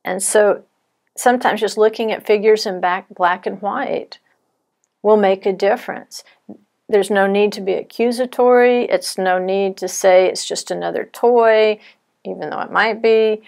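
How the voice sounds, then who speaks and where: A middle-aged woman giving an earnest, measured teaching talk to wives, telling stories to make her points. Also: mid-range voice, steady tone, vocal fry. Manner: earnest, measured, softens for quoted fears. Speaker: Bible teacher.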